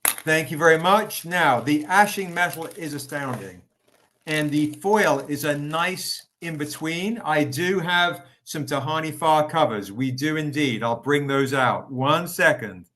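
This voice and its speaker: A man's voice: a little high, measured pace, bright, forceful tone. Upbeat man hosting a comics livestream. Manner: upbeat, chatty, greets viewers by name. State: tired, recovering. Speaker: livestream host selling comics. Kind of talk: casual live-stream sales pitch.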